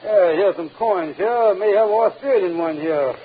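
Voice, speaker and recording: A man playing Kingfish, a high-voiced schemer. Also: lightly acted. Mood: scheming. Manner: fast-talking, fumbling with hesitant uhs. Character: scheming smooth-talking middle-aged male con man. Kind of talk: 1940s radio sitcom acting. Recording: tinny old radio broadcast with audience laughter and hiss.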